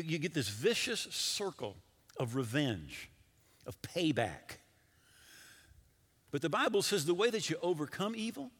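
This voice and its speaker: A male pastor preaching a sermon in an animated way, asking his listeners questions directly. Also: on the high side, breathy edge. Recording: long hall reverb.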